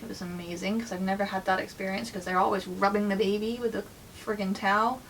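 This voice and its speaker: A woman's voice: medium pitch, steady tone, fast talker, recorded from a distance, slight background noise, low-quality recording. Candid woman telling a personal story. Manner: candid, emotional, chatty with many fillers. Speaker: vlogger.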